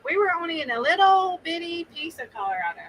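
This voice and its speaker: A high, bright woman's voice that swings up and down with animation as she chats and asks questions. Faint background noise sits under the call. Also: quick pace, low-quality recording. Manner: lively, laughs often, asks friendly questions. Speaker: co-host. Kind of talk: casual chat.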